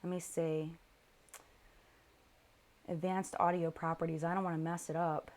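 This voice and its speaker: A young woman hosting a live makeup chat with viewers, tired and low on energy, rambling and often interrupting herself. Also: little pitch movement, a little slow, darkish tone. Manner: scattered, rambling, self-interrupting. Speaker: beauty channel host.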